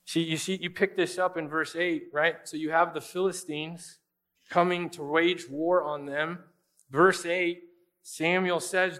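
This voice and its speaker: A man preaching a sermon in a conversational style, asking the congregation rhetorical questions and adding quick asides. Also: on the high side, fairly even intonation, a bit bright. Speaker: pastor.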